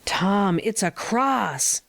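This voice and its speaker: A woman's voice: medium pitch, lively intonation, extremely slow, vocal fry, full character voice. A woman voicing a wary, superstitious ragged boy in a drama, with a hesitant, drawling way of talking. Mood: wondering.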